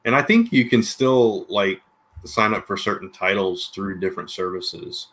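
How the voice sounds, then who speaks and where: A man's voice: lowish voice, normal speed, fairly bright tone. A man co-hosting a casual livestream podcast, rambling and hesitant with lots of filler. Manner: rambling, hesitant, full of "you know". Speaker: comic book podcast co-host.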